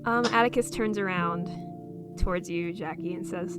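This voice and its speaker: A woman's voice: lowish voice, moderate pace, music in the background. A young woman narrating as game master for a tabletop role-play, a little hesitant. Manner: hesitant, with frequent ums.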